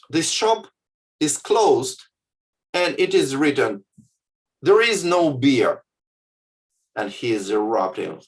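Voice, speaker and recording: A man giving a talk on contemplative practice, speaking slowly and deliberately and often checking in with "yeah?". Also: medium pitch. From Russia or former Soviet Union. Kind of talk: lecture with guided exercise. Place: video call.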